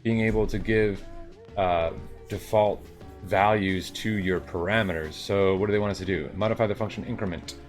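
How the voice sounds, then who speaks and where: A man streaming himself working through coding exercises, reading the instructions aloud and tossing in jokey asides, sound effects and a hammed-up New York twang. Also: sits low. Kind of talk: casual live-coding commentary.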